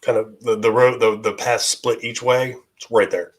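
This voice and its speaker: A man, a guest in a casual chat, whose voice is going hoarse and who rambles with many fillers and restarts. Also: mid-range voice, flat delivery, moderate pace. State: losing his voice.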